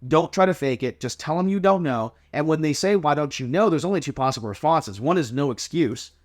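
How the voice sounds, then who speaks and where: A man's voice: on the high side, expressive, a little fast. A man, a drill team coach, casually explaining inspection answers step by step and acting out sample replies. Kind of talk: casual instructional chat.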